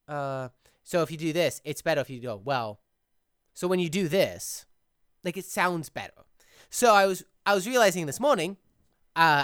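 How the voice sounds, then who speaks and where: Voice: medium pitch, a bit bright, clean tone, dry recording, studio quality. A podcast host who edits the show, chatting casually in long, reflective run-on thoughts. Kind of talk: casual chat.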